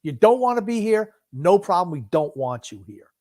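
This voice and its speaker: A man's voice: sits high, very animated, moderate pace, mellow. Blunt, curt man co-hosting a sports podcast. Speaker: podcast co-host nicknamed Grumpy. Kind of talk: casual sports podcast chat.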